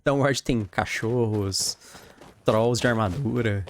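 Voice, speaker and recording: A man's voice: lowish voice, moderate pace, slight background noise. A man with a Brazilian Portuguese accent giving casual, chatty gameplay commentary as a streamer, thinking aloud. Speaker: gaming streamer.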